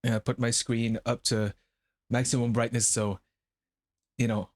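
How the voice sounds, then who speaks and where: A man's voice: medium pitch, little pitch movement, measured pace, no room sound. A man streams live and chats loosely, cursing freely in a mid-range voice. He is feeling unwell, his nose is stuffy and running. The sound is close and dry, with no room behind it. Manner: profane, rambling. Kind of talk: casual live-stream chat.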